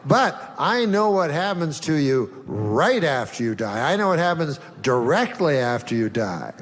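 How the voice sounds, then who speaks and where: A man's voice: on the high side, sing-song, unhurried. A man doing a stand-up set in a musing, storytelling way. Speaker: stand-up comedian. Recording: live hall reverb, faint noise.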